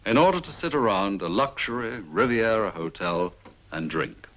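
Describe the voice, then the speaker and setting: A suave man with a very deep voice plays a scene in a 1960s TV drama. He speaks with ironic, theatrical flourish and a lively rise and fall. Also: moderate pace, poor audio. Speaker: gentleman adventurer.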